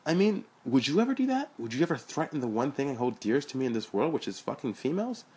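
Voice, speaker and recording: A man voicing an excitable, boastful young man who talks in high, emphatic bursts, with a husky voice. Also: quick pace. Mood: indignant.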